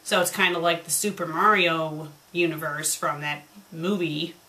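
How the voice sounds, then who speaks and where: A woman's voice: low voice, fairly even intonation, moderate pace, bright, forceful tone. Sarcastic woman picking apart a story. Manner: sarcastic, exasperated. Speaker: fan fiction reviewer. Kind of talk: reading aloud with critical commentary.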